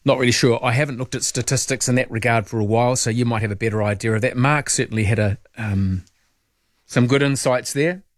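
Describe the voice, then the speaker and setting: New radio host, dry studio sound. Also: male voice, mid-range voice, fairly quick, dry recording. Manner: relaxed, musing, reads out listener texts. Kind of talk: late-night talkback radio chat. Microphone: studio microphone.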